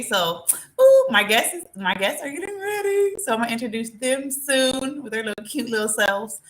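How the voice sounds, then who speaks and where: A woman hosting a live stream, talking straight to her viewers in an animated, chatty way. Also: on the high side, moderate pace. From United States. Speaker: vlogger. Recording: roomy echo.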